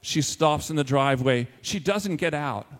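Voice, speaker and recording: A man tells a personal story to an audience with animated, self-mocking timing. His voice sits a little high for a man. The sound carries the long reverb of a large hall. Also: moderate pace. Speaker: school teacher telling a personal story.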